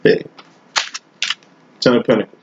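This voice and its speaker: A man's voice: a little slow, darkish tone. Man giving a slangy tarot reading. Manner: loose, slangy and profane, with rambling analogies. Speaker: tarot reader. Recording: roomy, dull lo-fi recording.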